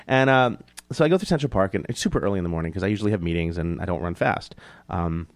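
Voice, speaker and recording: A man being interviewed, telling stories casually and animatedly, jumping up in pitch to act out other people. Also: fast, no echo. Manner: animated, acts out quoted voices in a higher pitch. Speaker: guest. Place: New York City.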